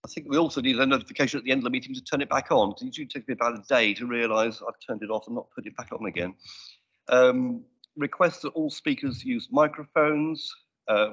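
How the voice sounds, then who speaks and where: A man chairing a council committee meeting, running through procedure in a brisk, businesslike way with dry asides. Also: mid-range voice, a bit bright, slightly rough. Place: council chamber. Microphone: desk microphone. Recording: dull lo-fi meeting stream.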